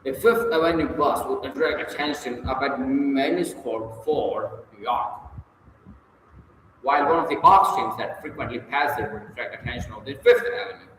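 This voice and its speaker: A man reading a book on public speaking aloud, measured and stressing key words with sharp jumps in pitch. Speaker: audiobook reader. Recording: very echoey room, long reverb, faint hiss.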